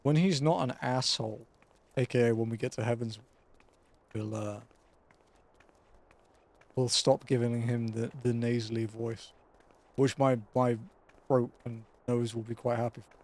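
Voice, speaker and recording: A man's voice: mid-range voice, fairly even intonation, a little slow, pauses often, darkish tone. A man streaming a video game, chatting casually and laid-back, swearing and chuckling often. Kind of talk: casual gaming commentary.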